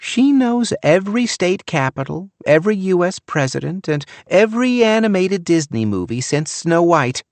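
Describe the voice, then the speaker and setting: A man's voice: high voice, very animated, moderate pace, hardly any pauses, no echo, voice pushed up. A man reading an audiobook and voicing a chatty mother who gushes about her daughter. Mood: proud.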